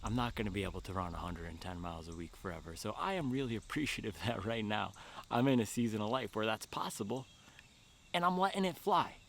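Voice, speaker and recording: A man talking casually to camera on a long outdoor run, animated and laughing often, a bit out of breath. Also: fairly low pitch, fast talker, creaky, slight background noise. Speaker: running vlogger. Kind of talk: casual vlog talk.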